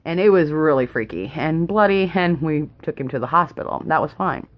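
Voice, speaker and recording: A woman's voice: low-pitched, animated, fairly quick. A young woman, a mother vlogging at home, rambling nervously and laughing often. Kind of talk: casual rambling chat. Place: home, indoors.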